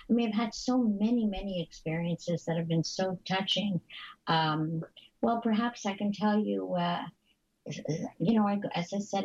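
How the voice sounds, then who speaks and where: A woman from Canada, a guest in an interview, telling stories in an earnest, halting way with many restarts. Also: medium pitch, vocal fry, a little mellow, dull audio.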